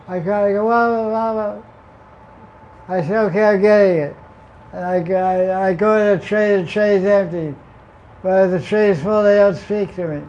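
A man reading a devotional text aloud and then adding his own informal commentary, unhurried and often repeating words as he goes. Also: high-pitched, a little mellow, muffled recording. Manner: unhurried, repeats words and restarts, homely examples. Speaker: spiritual teacher reading and commenting on scripture.

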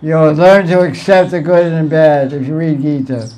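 A man's voice: on the high side, steady tone, normal speed, a little mellow. A man giving an informal spiritual talk, telling stories with playful asides and frequent chuckles. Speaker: spiritual teacher.

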